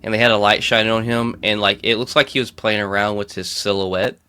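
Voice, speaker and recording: A man's voice: lowish voice, level tone, brisk, sharp tone, smooth, no room sound. A man co-hosting a casual pop-culture podcast, rambling with lots of fillers and restarts and laughing often. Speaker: podcast co-host.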